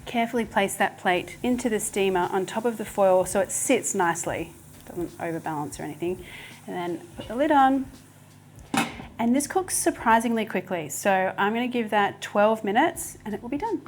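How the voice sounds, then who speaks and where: A woman's voice: mid-range voice, animated, moderate pace, a little hiss or hum. A woman in her thirties hosting a casual cooking demonstration, chatty and enthusiastic as she cooks and tastes. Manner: chatty, enthusiastic, talks with mouth full while tasting. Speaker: cooking show host. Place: home kitchen.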